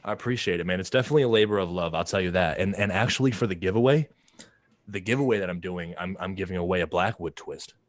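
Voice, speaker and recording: A man with a low voice talks fast on a casual livestream he co-hosts, with no echo on the audio. A wood craftsman, he rambles in a laid-back, stoner-chat style and often repeats words.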